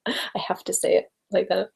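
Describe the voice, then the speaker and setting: A woman's voice: medium pitch, little pitch movement, normal speed, gravelly, darkish tone, slightly rough, poor audio. Giggly young woman chatting on a live stream. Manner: chatty, giggly, many ums and likes; normal speaking voice, not ASMR whisper. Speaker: ASMR channel host in live hangout. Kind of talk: casual live-stream chat reading comments. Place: home room with desks. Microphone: live webcam stream.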